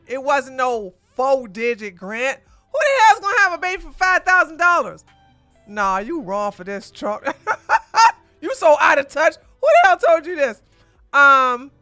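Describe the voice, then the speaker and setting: A woman hosting a live political commentary stream, animated and sarcastic, exclaiming and talking to her chat. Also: sits high, no echo. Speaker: podcast host.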